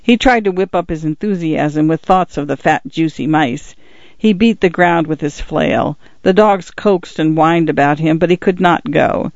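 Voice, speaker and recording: A man narrating an audiobook in a measured, even manner. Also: a little high, no echo. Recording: dull lo-fi dry recording.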